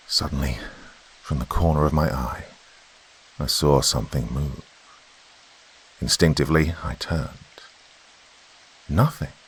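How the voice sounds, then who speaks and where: A man narrates a horror tale in a slow, brooding way. His voice is extremely deep and gravelly, with a husky texture.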